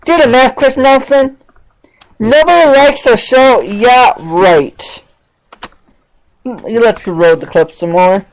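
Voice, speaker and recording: Her voice a little high, this podcast host speaks slowly with frequent pauses on a low-quality recording. She rants over a played clip on her online talk show, mocking a rival with sarcastic exclamations.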